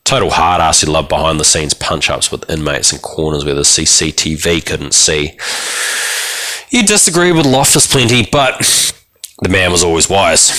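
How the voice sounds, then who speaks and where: A man reading a short story aloud in a gritty, deliberate second-person narration. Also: a bass voice, bright, forceful tone.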